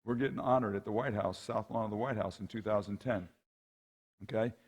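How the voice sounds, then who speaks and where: Man, middle-aged, guest speaker, husky lower voice, chatty storytelling talk. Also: a little fast. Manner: conversational, keeps asking "right?" and "okay?"; lively, acts out the people in his anecdotes. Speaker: guest speaker and rowing coach. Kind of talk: storytelling talk at a men's conference.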